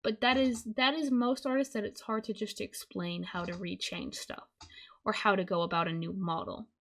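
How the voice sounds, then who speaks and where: A woman's voice: mid-range voice, steady tone, moderate pace, creaky, a bit bright. Young woman from the south, voice kinda strained, rambling live stream commentary, keeps correcting herself. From Southern United States. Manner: rambling, self-correcting, casual. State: strained voice from hours of talking. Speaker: streamer commenting on online drama.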